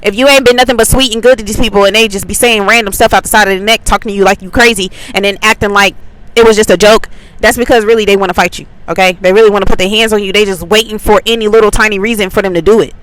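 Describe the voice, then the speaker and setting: A woman from Atlanta shares a spiritual testimony in a casual, rambling way. Her voice is bright and forceful at a middle pitch, and her talk is full of likes and ums. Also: steady tone, very fast, no room sound, poor audio. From Atlanta, USA. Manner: chatty storytelling with many likes and ums. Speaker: faith channel host.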